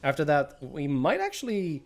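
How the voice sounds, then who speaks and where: A man's voice: a little high, wildly swooping pitch, normal speed, gravelly. A man streaming a game, chatting casually, greeting viewers by name and snacking as he talks. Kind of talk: casual livestream chat.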